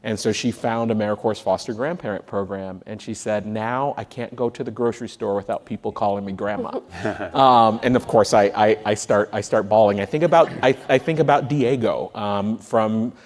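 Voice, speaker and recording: A man with a low voice speaks as a panelist and tells story after story, stumbling and restarting as he goes. His voice carries a long reverb, as if he is in a large hall. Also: moderate pace. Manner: animated anecdotes with frequent restarts.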